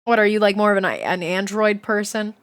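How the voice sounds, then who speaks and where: A woman's voice: medium pitch, brisk, smooth. A young woman streamer reading a children's book aloud, chatty and giggly, breaking off to comment and swear casually. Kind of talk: casual livestream reading and chat.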